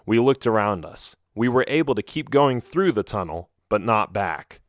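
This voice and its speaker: A man narrating an audiobook adventure in the first person, with expressive storytelling. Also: fairly low pitch, moderate pace, no echo, studio quality.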